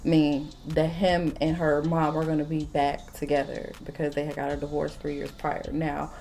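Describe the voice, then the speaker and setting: A woman in her late twenties telling a casual storytime while doing her makeup, blunt, animated and full of profanity. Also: low voice, normal speed, vocal fry, slight background noise. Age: late 20s. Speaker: vlogger.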